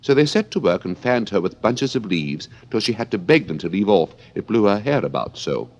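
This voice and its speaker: A man narrating an audiobook in a theatrical, lively storytelling manner. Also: on the low side, a little fast. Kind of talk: scripted narration.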